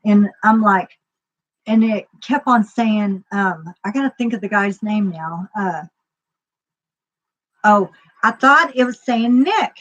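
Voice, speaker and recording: A woman's voice: medium pitch, expressive, slow pace, long pauses, fairly bright tone, dull audio. A woman casually telling a personal story, rambling, with lots of fillers and acted-out dialogue.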